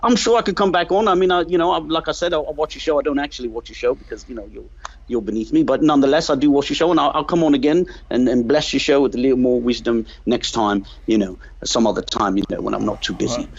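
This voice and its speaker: A man's voice: mid-range voice, fast talker, vocal fry, lo-fi sound. A man putting on a pompous, condescending religious guest with a British accent, talking down to the audience on a call. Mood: haughty. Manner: haughty, dismissive, self-important.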